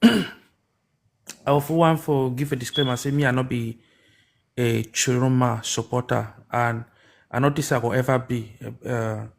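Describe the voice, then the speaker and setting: A man's voice: medium pitch, fairly even intonation, unhurried, gravelly, pauses often, slight background noise. A man from Cameroon with a Cameroonian Pidgin English accent, giving rambling political commentary on a livestream, full of restarts and rhetorical questions. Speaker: livestream host.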